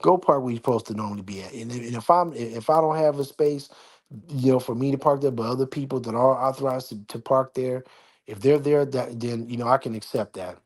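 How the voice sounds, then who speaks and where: A man with a mid-range, darkish voice speaks briskly as he hosts a casual livestream chat from home in his apartment. He rambles in slangy talk, keeping his voice low.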